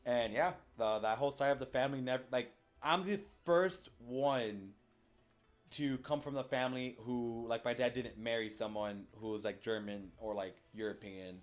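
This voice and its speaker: Rambling young American podcast host. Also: male voice, medium pitch, normal speed, soft background music. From United States. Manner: rambling, many fillers and restarts. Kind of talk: casual chat.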